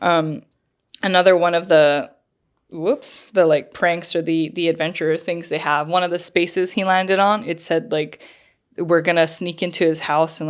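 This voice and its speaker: A woman co-hosting a podcast, casually retelling a story with lots of fillers and laughs. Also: low voice. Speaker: podcast co-host. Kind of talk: casual chat.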